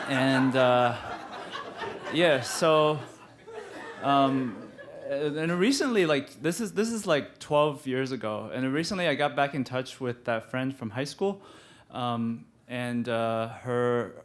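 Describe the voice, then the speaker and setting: A man telling a personal story live, halting and restarting often, with frequent laughter in his voice. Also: mid-range voice.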